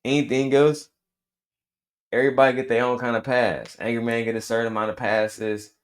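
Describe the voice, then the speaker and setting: A man's voice: mid-range voice, fairly even intonation, fairly quick. A man hosting a reaction commentary show, talking bluntly in profane street slang and hammering his points with repetition.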